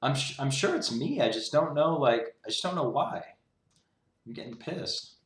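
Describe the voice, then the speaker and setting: A man's voice: medium pitch, expressive, moderate pace. A young man with a mid-range voice talks through his code in a loose, rambling way, peppering everything with "like." He sounds exasperated. The recording carries a noticeable roomy echo. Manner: exasperated, rambling, heavy use of "like". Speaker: programmer streaming his coding. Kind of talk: casual talk-through while coding.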